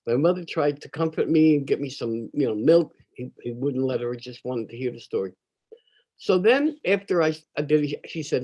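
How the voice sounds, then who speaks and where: An older man telling a personal childhood story in an animated, conversational way. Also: mid-range voice, moderate pace, breathy edge. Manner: animated, conversational, acts out quoted voices.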